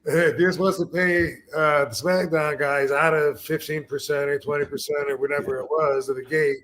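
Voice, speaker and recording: A man's voice: a little high, steady tone, moderate pace, fairly bright tone, a little hiss or hum. A man hosting a podcast and telling rambling, conversational stories. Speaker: podcast host. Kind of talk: casual podcast chat.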